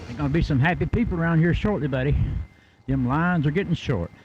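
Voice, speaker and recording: An older man with a Southern US twang, telling folksy stories as a drag race announcer. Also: on the high side. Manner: folksy, drawn-out storytelling. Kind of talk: casual trackside commentary. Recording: dull lo-fi PA mic with loud track noise.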